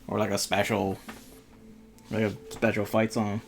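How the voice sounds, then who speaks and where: A man's voice: on the low side, completely flat delivery, measured pace, gravelly, long pauses, soft background music. A man chatting offhand and swearing while streaming a mobile game. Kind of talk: casual gaming stream chat.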